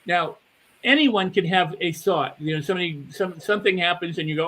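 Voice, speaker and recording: An older man speaking as a mindset coach on a panel, animated and acting out the inner voices of his listeners. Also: sits high, a little fast, low-quality recording. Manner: animated, acts out inner voices, repeats words. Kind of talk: motivational panel talk.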